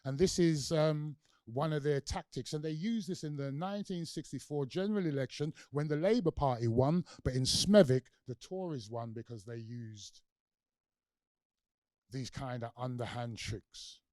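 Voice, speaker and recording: Animated London man giving a lecture. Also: medium pitch, normal speed, dry recording, studio quality. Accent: London English. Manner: animated storyteller, acts out quoted voices, asks the audience questions. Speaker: guest lecturer. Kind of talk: public lecture with storytelling.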